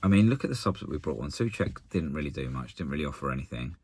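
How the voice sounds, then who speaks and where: A deep, husky man delivers a casual post-match rant straight to camera. He sounds exasperated and blunt, stumbling and restarting his sentences. The recording is close and dry. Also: sing-song, fast, a little mellow, no echo. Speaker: football fan channel contributor.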